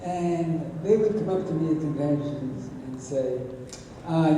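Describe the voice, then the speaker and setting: An eighty-two-year-old man tells wry stories to a convention crowd, stumbling and restarting as he goes. His voice sits a little high for a man. It comes from far off in a big echoing hall with a long reverb. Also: measured pace, warm tone, slight background noise. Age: 80s. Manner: rambling, self-correcting, wry. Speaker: convention panel guest. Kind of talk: convention Q&A storytelling.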